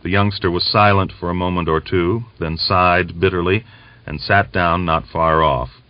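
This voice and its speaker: A man narrating a novel as an audiobook reader, in a measured, even storytelling manner. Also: low-pitched, no echo, lo-fi sound. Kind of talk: scripted narration.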